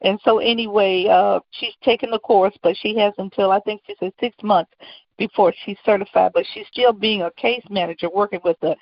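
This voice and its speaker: Gravelly-voiced woman caller, rambling prayer request, dry and dull phone sound. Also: medium pitch, fairly even intonation, a little fast, no echo. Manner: rambling, with fillers and restarts. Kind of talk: casual spoken prayer request. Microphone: phone line. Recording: dull lo-fi conference call.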